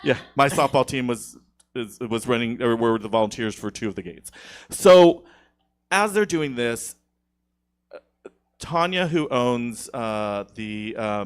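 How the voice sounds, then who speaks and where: A man as a guest on a podcast, telling a long, indignant story in casual studio chat, with many restarts. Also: mid-range voice.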